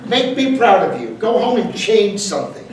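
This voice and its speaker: High-voiced man in an echoey hall. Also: very animated, moderate pace, a little hiss or hum. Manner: jokey, conversational, quizzes the audience. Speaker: motivational speaker. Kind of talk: motivational speech to a live audience. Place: event hall with audience. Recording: echoey room, distant mic.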